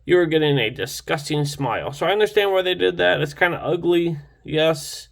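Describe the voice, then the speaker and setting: A man's voice: fairly high pitch, normal speed, vocal fry. A young man casually reviewing a knife in a rambling, enthusiastic vlog, full of restarts and fillers.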